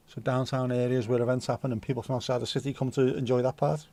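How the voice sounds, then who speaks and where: A man's voice: medium pitch, flat delivery, quick pace, dark tone. A man hosting a livestream, chatting casually and rambling while reading out viewer comments, with the odd swear word. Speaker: livestream host.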